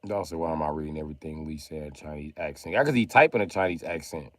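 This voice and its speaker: Deep-voiced man ranting on a livestream. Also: quick pace, no echo. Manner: loud, profane, boastful ranting. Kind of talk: livestream rant.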